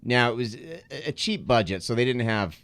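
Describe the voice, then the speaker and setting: A man's voice: medium pitch, animated, normal speed, fairly bright tone, no echo. A man co-hosting a casual movie podcast, reflective and hesitant, repeating words as he thinks. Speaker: podcast co-host. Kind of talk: casual film discussion.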